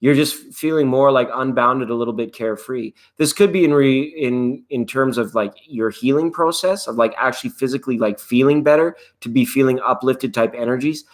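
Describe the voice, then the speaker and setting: A middle-aged man hosting a live tarot stream, talking in a loose, playful, rambling way with jokes along the way. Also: mid-range voice. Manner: loose and playful, drifts into jokes and snatches of song.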